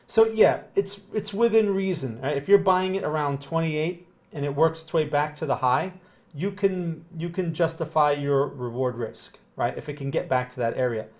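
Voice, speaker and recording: A man's voice: fairly high pitch, moderate pace, a little mellow. A man hosting a live chart analysis stream, talking casually and rambling, checking in with "right?" and greeting viewers. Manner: casual, rambling, with frequent tag questions. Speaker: market analyst host.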